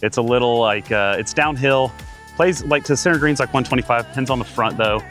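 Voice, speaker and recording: A man in his thirties giving casual play-by-play of his own golf round outdoors, getting excited and talking to himself between shots. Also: medium pitch, a little fast, faint music behind. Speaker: golf vlogger.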